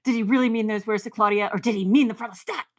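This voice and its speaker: A woman's voice: on the high side, fairly even intonation, rapid-fire. A woman giving casual watch-along commentary as she reacts to a TV series, chatty, talking back at the screen and laughing often.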